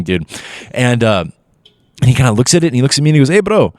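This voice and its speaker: A man tells comic stories in a loose, profane, animated way, his pitch swinging widely as he acts out the people in them. The sound is dry and close, with no room around it. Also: brisk, dry recording. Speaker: guest comedian. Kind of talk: casual comedic storytelling.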